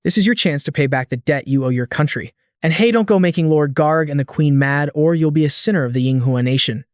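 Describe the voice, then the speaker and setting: A man's voice: fairly high pitch, fairly quick, no echo, studio quality, lightly acted. A man reading the lines of a scheming, sycophantic male shogun who betrays his own people, smug and fawning.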